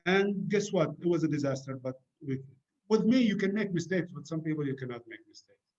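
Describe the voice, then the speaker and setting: A man's voice: a little high, expressive, brisk, a little mellow. A man from the UAE speaking casually to an audience about etiquette, chatty and direct with many fillers and asides. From United Arab Emirates. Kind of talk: informal talk to an audience. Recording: slightly dull, lo-fi sound.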